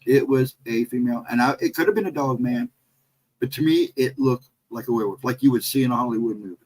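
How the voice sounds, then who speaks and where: A middle-aged American man hosting a casual livestream, telling a story in a rambling, animated way and reading out chat messages. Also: medium pitch, fast talker, slight background noise, low-quality recording. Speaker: livestream host.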